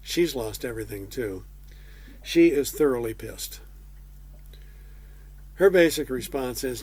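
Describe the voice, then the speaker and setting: A man's voice: mid-range voice, lively intonation, takes it slowly, long pauses, darkish tone, slightly rough. A man preaching a conversational sermon, folksy with casual asides.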